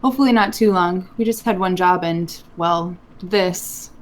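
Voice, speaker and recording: A woman playing a curious female adventurer who probes politely and teases gently in a tabletop game. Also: lowish voice, normal speed, lightly acted. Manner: polite, probing, gently teasing.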